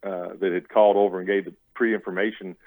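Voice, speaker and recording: Low-voiced man in his fifties, dry sound. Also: flat delivery, quick pace, darkish tone, no room sound, rough recording. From Louisiana. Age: 50s. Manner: rambling storyteller with restarts, acts out what others said. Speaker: interview guest. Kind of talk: telling his story in a radio interview.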